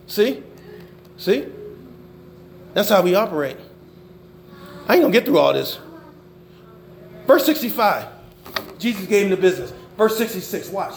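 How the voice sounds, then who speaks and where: An older man preaching a sermon, swinging between loud emphasis and low murmurs. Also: very animated, measured pace, long pauses, reverberant, a little hiss or hum. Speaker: pastor.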